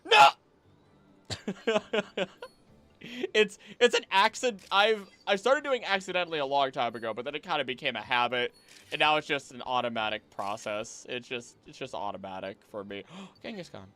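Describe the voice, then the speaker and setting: A man chatting with his viewers while playing a video game, rambling and bursting into sudden excited reactions. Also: mid-range voice. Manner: animated, rambling, quick reactive outbursts. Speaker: game streamer. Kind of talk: live gameplay commentary to chat. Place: home, seated at a computer.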